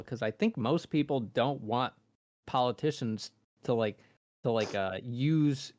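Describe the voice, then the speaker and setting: A man's voice: mid-range voice, no room sound, clean studio sound. A man co-hosting a podcast, talking casually in a rambling, easygoing way and swearing now and then. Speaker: podcast co-host. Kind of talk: casual chat.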